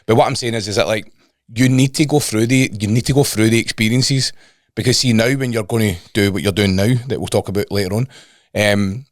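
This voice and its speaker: Fast-talking Scottish man, dry close sound. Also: on the low side, no echo. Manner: rambling storyteller, swears, repeats himself. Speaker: fitness coach and podcast co-host. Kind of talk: casual chat.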